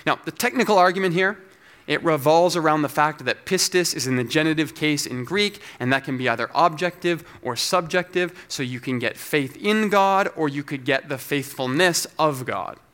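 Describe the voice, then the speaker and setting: A man delivers a teaching sermon, walking through scripture in a measured, explanatory way. His voice sits a little high for a man, and he sounds scholarly and careful. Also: a bit bright, clear, resonant tone. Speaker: pastor.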